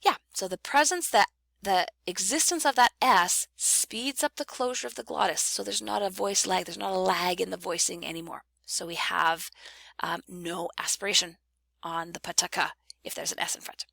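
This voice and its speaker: Gravelly-voiced woman explaining phonetics. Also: lowish voice, steady tone, normal speed, bright, forceful tone, no echo. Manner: patient, explanatory, repeats key terms for emphasis. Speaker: phonetics instructor. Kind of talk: recorded online lecture.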